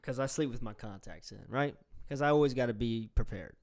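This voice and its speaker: A man's voice: medium pitch, fairly quick, darkish tone. Rambling joking man telling a story. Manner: rambling, jokey storytelling with many restarts. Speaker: podcast co-host. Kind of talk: casual banter.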